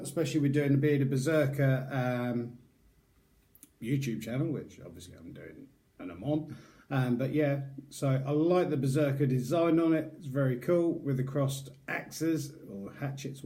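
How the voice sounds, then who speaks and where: Middle-aged British YouTuber with a mellow, relaxed voice; loose and informal, talking through a review. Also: male voice, medium pitch, moderate pace. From United Kingdom. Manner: chatty, rambling, loose and informal. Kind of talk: casual product review.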